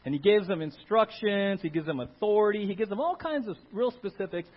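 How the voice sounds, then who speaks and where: A male pastor preaching an animated sermon and calling for amens, on a dull lo-fi recording. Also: high voice, brisk. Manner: animated, calls for Amen from the congregation.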